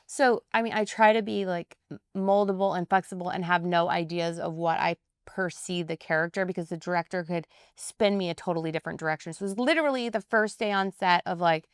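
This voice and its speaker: A woman actress talking animatedly in a casual interview, quick to laugh. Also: on the low side, smooth, no echo, studio quality. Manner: animated, chatty, laughs easily.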